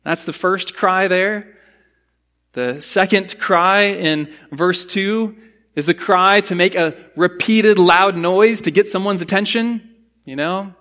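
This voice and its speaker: A man preaching a sermon in an earnest, emphatic way, slowing down to stress key phrases and explaining Bible words in a teaching tone. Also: high-pitched, a bit bright. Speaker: pastor.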